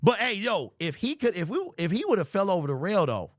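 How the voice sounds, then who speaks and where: Sports host, man, high voice with bouncy swings; jokey, over-the-top, slangy delivery. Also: brisk, dry recording, studio quality. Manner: animated, joking and hyperbolic, slangy. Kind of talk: casual sports commentary.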